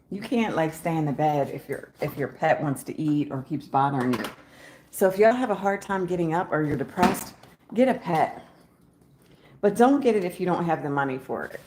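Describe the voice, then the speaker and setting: A chatty woman with a slightly low voice talks casually to her camera at home in the morning. She rambles from thought to thought, laughs easily and talks to her cat, with a faint hiss of noise behind her. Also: darkish tone. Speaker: travel vlogger.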